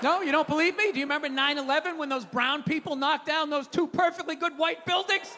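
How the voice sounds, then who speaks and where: A middle-aged man doing a stand-up comedy rant, profane and exasperated, breaking into shouts. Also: extremely high pitch, quick pace. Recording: reverberant theater stage.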